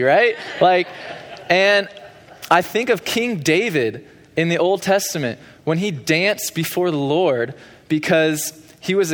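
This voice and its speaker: Young guy preaching casually, lots of you know, highish voice, echoey church hall. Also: fairly bright tone. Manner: conversational preaching, frequent fillers. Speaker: pastor. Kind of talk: sermon. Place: church sanctuary. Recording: long hall reverb.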